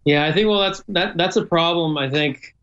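A man's voice: fairly high pitch, fairly bright tone. Council member guest, man, stumbles and repeats himself, audio sounds dull and lo-fi. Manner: halting, repeats words. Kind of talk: casual interview answers.

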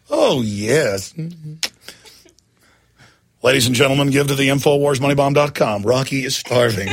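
A man hosting a live talk radio show, loud and hyped, shouting during a fundraising pitch. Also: expressive, unhurried, long pauses.

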